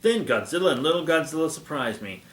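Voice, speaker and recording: A man's voice: on the high side, very animated, quick pace, fairly bright tone, reverberant, pitched above the performer's own voice. A man reading the first-person narration of a naive young female giant moth, in a storybook manner.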